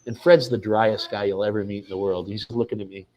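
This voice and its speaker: A man's voice: fairly low pitch, brisk, poor audio. A man, a film director guest in an interview, telling anecdotes animatedly, acting out what people said and often restarting his sentences. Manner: animated, acts out quoted people, frequent restarts.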